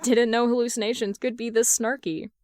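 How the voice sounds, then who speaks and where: A woman's voice: a little high, steady tone, fairly quick, darkish tone, no room sound, studio quality, close to an everyday voice. A woman reading aloud as a cocky young man who teases his brother in a playful sing-song. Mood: grumbling.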